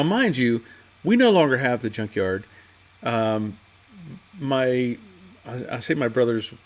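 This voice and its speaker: A man hosting a casual garage livestream, rambling through a story and reading out viewer comments in his home workshop. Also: mid-range voice. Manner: rambling, chatty storyteller with frequent restarts. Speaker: livestream host of a classic car garage show.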